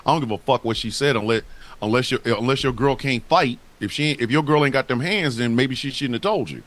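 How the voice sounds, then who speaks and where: A man's voice: medium pitch, fast, fairly bright tone. A man co-hosting a casual wrestling talk show, speaking in a heated, profane and emphatic way. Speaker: podcast co-host.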